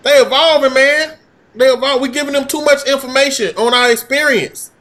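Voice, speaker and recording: A man's voice: very high-pitched, a little fast, pushed and bright. A man in casual chat, talking in an emphatic, profane way.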